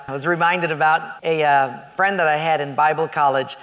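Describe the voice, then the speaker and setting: A man preaching a sermon, telling a story in a lively way with laughter. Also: fairly high pitch, brisk, in a large hall.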